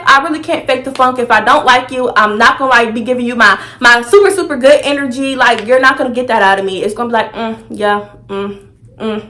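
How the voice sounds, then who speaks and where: A young woman vlogger telling a personal story in a sassy, animated, dramatic way. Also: high-pitched. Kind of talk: storytime vlog.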